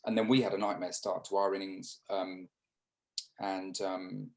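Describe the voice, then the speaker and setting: Man, low voice, gravelly, English, reminiscing interview guest, hesitant restarts, video call. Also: flat delivery, rough recording. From England. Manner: reminiscing, halting with restarts and fillers. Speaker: interview guest, former cricketer. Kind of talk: casual interview storytelling.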